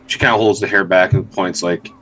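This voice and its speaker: A man's voice: low-pitched, fairly even intonation, a little fast, a bit bright, poor audio. A man playing in a tabletop game, chatting loosely as he describes his character. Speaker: player. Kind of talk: casual tabletop play.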